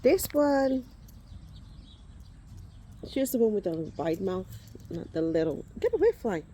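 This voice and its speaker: A woman in her forties chats outdoors in an unhurried, rambling way, stopping now and then to wave off insects. Her voice is warm and soft-edged, and birds and faint outdoor ambience sit behind her. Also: mid-range voice, sing-song, a little hiss or hum. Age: 40s. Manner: rambling, chatty, breaks off to shoo insects. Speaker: vlogger showing reborn dolls. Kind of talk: casual chat. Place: outdoors in the sun.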